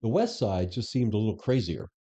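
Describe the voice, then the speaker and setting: A man's voice: on the low side, big pitch swings, fairly quick, dark tone, husky. A man, a former police chief, candidly recounting experiences in a conversational interview. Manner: candid, anecdotal, frequent restarts. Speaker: former police superintendent, guest. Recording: dull lo-fi podcast audio.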